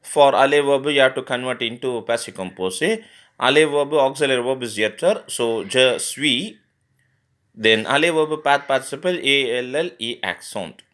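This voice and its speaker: Male tutor, mid-pitched, halting explainer who spells verbs out letter by letter. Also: fairly bright tone. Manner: spells words letter by letter, frequent fillers and restarts. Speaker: French teacher. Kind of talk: grammar lesson explanation.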